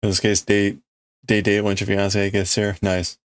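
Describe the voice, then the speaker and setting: A man casually chatting on a livestream, talking quickly and laughing easily. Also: lowish voice, level tone, dry recording. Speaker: livestream host.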